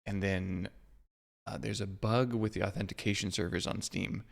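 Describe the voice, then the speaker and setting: Laid-back guy with a kinda gravelly low voice, gaming podcast host chatting and laughing a lot. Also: flat delivery, normal speed. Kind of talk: casual chat on a gaming podcast.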